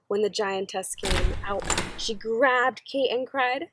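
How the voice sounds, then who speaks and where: A woman teacher reading a children's story aloud, slow, gentle and expressive. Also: mid-range voice, slightly rough, no echo, rough recording.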